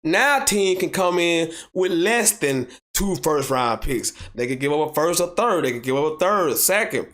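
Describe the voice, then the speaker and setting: Animated high-voiced man hosting sports talk. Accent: Southern American. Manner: animated, repeats points for emphasis, rising to near shouts; reads viewer comments aloud and argues back. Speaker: sports podcast host. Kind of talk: solo sports talk show.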